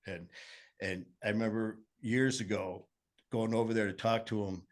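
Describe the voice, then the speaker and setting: A man's voice: on the low side, fairly even intonation, moderate pace. A man with a Michigan accent telling his recovery story in casual conversation, earnest and meandering with many fillers.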